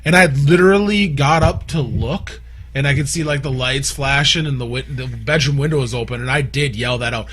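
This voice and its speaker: A man's voice: medium pitch, fairly quick. A man in his thirties chatting crudely and jokingly as a podcast co-host. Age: 30s. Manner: crude, joking, bursts into animated put-on voices. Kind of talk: casual chat.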